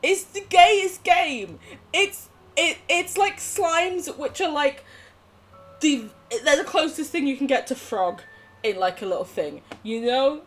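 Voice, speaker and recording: A woman's voice: high-pitched, lively intonation, slow pace, fairly bright tone, soft background music. Giggly young woman streaming a game. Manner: bubbly, giggly, swearing, chatting to viewers. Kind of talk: casual live gameplay chat.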